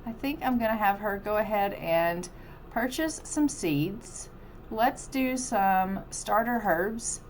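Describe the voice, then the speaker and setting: A woman's voice: medium pitch, animated, slow, slight background noise. A woman casually commentating her life-simulation gameplay as a let's-play host, chatty and upbeat. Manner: chatty, upbeat, narrates what she does in the game.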